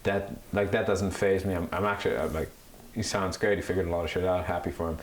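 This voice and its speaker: Casual podcast co-host, lowish voice, rambling talk, echoey room with a faint hiss. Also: male voice, fast talker. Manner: rambling, animated, mocks Italian accents. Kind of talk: casual chat.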